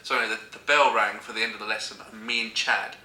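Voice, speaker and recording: Guy, comic storyteller, keeps cracking up, very bright voice, echoey room. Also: on the low side, steady tone, quick pace. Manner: giggly, keeps breaking into laughter.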